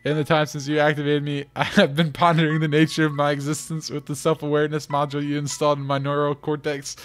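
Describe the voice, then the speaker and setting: A man voicing a calm, formal, self-aware female robot, reading game dialogue aloud in a flat robotic delivery. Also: fairly high pitch, quick pace, faint music behind, close to an everyday voice.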